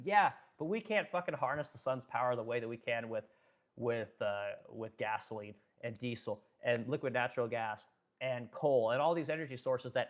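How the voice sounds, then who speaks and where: A man in a blunt, profane, unscripted commentary rant, reading out viewer comments as he goes. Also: mid-range voice. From American Midwest. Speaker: political commentary streamer.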